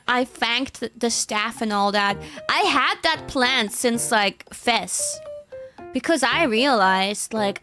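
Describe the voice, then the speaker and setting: Young female streamer, higher voice, giggly casual rambling, faint background music. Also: pushed and bright. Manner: chatty, giggly, rambling with fillers. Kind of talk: casual chat.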